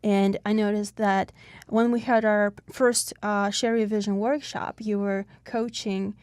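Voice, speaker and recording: Woman, interview host, chatty and enthusiastic, mid-pitched voice, dry sound. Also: little pitch movement, unhurried, a little mellow, clear, resonant tone, dry recording. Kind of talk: interview conversation.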